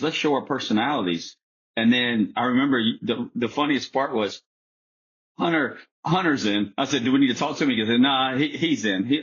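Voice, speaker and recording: A man with a husky, slightly breathy voice tells stories as a podcast guest. He rambles, stops and restarts his sentences, and fills gaps with ums. The recording sounds a little dull and lo-fi. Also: medium pitch. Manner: rambling, with frequent restarts and fillers. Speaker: guest golfer. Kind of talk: casual storytelling chat.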